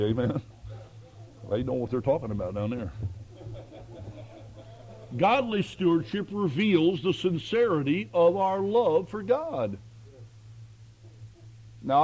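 A male pastor preaching with an emphatic, folksy delivery and a high voice. His tone is mellow and warm rather than sharp. He keeps throwing rhetorical questions at the congregation. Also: poor audio. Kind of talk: sermon.

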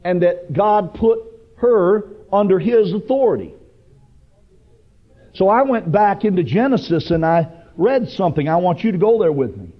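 Fervent high-voiced preacher man. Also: expressive, normal speed. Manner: fervent, rising to loud emphatic preaching. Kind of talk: sermon. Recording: dull lo-fi broadcast recording.

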